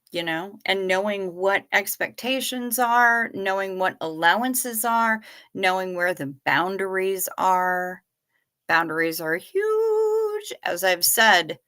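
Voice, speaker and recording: A woman's voice: mid-range voice, fairly bright tone. Profane, bubbly woman livestream host. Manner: profane, effusive, greets viewers by name. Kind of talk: casual livestream chat reading viewer comments.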